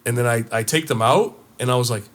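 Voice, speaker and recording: A young man co-hosting a casual podcast, telling a school story with lots of swearing and getting loud and excited. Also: medium pitch, fast talker. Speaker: podcast co-host.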